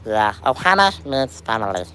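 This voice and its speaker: A man's voice: medium pitch, very animated, normal speed, sharp tone, slight background noise, pitched below the performer's own voice. A man putting on a goofy cartoonish voice. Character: goofy cartoonish silly male voice.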